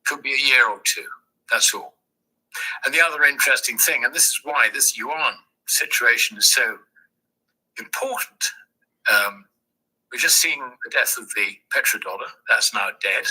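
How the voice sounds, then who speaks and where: A man as a guest, explaining his analysis in a measured way with hesitant ums. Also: medium pitch, bright, forceful tone, breathy edge, poor audio. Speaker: guest commentator. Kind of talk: conversational analysis.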